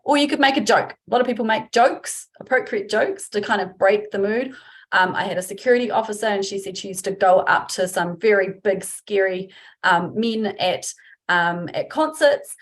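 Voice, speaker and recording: A woman's voice: medium pitch, expressive, normal speed. Chatty New woman trainer. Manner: chatty and informal, acts out example phrases. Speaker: workplace trainer. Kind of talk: webinar presentation.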